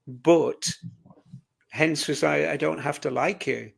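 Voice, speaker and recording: A man talking earnestly and reflectively as a guest in a casual conversation about spirituality, often pausing mid-phrase. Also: fairly high pitch, creaky, husky.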